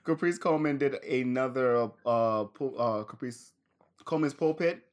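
A man's voice: mid-range voice, normal speed. A man in an easygoing podcast chat, running through wrestling news with a mid-range voice. He rambles, restarts his sentences, and breaks into laughter here and there. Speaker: podcast co-host. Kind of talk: casual wrestling recap chat.

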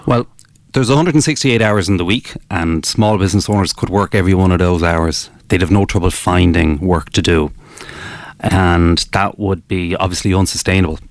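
A man, a business author interviewed as a guest, explaining his ideas in a measured way with frequent restarts. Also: low-pitched, dry recording. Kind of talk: radio interview.

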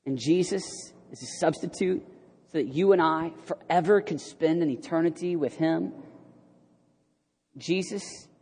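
Man, preacher, sermon, animated, loud then hushed, somewhat high voice, long hall echo. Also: measured pace, slightly rough. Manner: animated, swings from loud exclaiming to hushed near-whisper.

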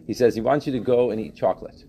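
A man teaching a religious text class, animated, questioning students and repeating phrases as he explains. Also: mid-range voice, fast talker, a little hiss or hum. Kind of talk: interactive class lecture.

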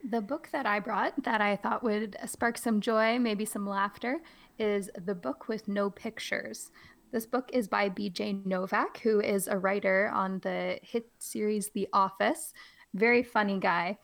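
Woman, teacher type; casual chat, slightly gravelly, playful read-aloud delivery. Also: steady tone, unhurried, fairly bright tone. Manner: hams up reading with big pitch jumps. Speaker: podcast co-host, teacher.

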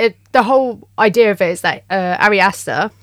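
Woman film journalist, lively. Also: mid-range voice, a little fast, dry recording, clean studio sound. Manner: lively, acts out quotes, laughs. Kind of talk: casual film review chat. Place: radio studio. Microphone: studio microphone.

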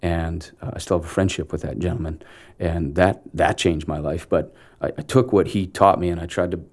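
Deep-voiced earnest man telling stories. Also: fairly even intonation, a little mellow. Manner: earnest, halting restarts. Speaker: actor guest. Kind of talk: conversational storytelling interview.

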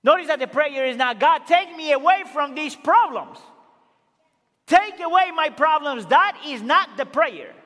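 A male pastor delivers a sermon with a strikingly high, bright voice. He swings between emphatic, rising exclamations and quiet, low asides. The sound carries a long church-hall reverb. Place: church sanctuary.

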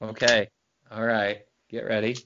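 A man's voice: on the low side, little pitch movement, a little slow, background noise. Jokey man telling a rambling story. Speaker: podcast co-host. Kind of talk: casual chat. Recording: muffled lo-fi podcast audio.

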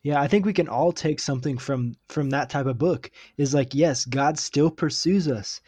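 Male host, casual interviewer, mid pitch, dry. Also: moderate pace, darkish tone, breathy edge, dry recording. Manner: casual, uses fillers like "you know" and "like".

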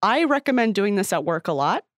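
A woman co-hosting a casual advice podcast, playful and expressive. Her pitch swoops up and down in an animated way. The sound is dry and close. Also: a little fast, no echo. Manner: expressive, playful, laughs easily. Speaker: podcast co-host.

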